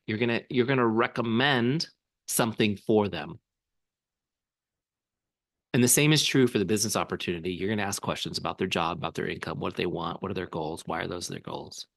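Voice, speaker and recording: A man leading a live sales training demo on a video call, energetic and coaching, often checking the listeners follow along. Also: lowish voice, dry recording. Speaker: software founder training a sales team.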